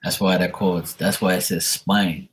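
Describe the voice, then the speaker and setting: A man's voice: sits low, level tone, measured pace, a little hiss or hum. A man giving casual live tarot readings and teasing viewers as he answers them. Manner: teasing, talks back to chat. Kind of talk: casual livestream chat.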